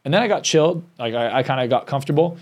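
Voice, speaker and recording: A man's voice: mid-range voice, animated, rapid-fire. A man, a success coach and hypnotist, telling a candid, emotional personal story as a podcast guest, often restarting his sentences.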